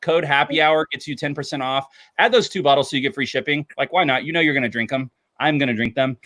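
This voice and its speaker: A man hosting a casual livestream, chatty and enthusiastic, with lots of fillers, talking indoors under bright lights. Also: medium pitch, quick pace, no room sound. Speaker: livestream host.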